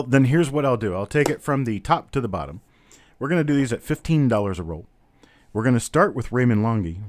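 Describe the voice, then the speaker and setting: A man with a mid-range, slightly mellow voice hosts a live-stream coin auction. He's chatty, calling out bidders and prices in quick succession, recorded through a webcam on a stand.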